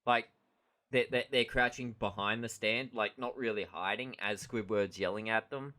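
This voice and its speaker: A man with a lowish but bright, forward voice recaps a cartoon episode with his co-host. He talks in loose, halting bursts and laughs often, like relaxed podcast banter.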